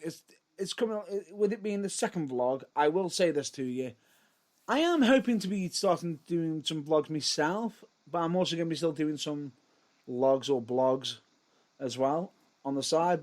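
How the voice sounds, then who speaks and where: Man co-host, casual podcast banter, animated, slightly high voice, rambling and giggly. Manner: rambling, giggly, self-interrupting. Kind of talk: casual chat.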